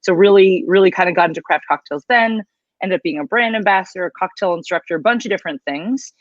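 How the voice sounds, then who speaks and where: A woman's voice: lowish voice, fast talker, dry recording. A woman from the United States, a drinks brand founder, answering interview questions in an upbeat, fluent way over a video call. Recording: dull, slightly lo-fi remote audio.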